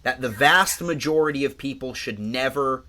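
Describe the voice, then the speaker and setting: Bright-voiced male podcast co-host. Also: medium pitch, moderate pace. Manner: rambling, profane, animated storytelling. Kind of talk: casual podcast chat.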